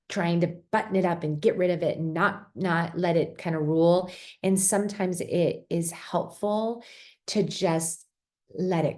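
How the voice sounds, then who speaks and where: Soft-spoken woman explaining calmly. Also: fairly low pitch. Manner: gentle, reflective, with many restarts. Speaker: speaker on survivor mental health. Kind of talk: explanatory talk.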